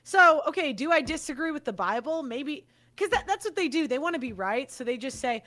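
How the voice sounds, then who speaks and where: A young woman with a high, bright voice rants into the mic as a podcast host. She swears freely and circles back to the same points again and again. Her delivery is heated and blunt. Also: lively intonation, brisk, hardly any pauses. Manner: swearing, ranting, repeats herself. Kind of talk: angry monologue.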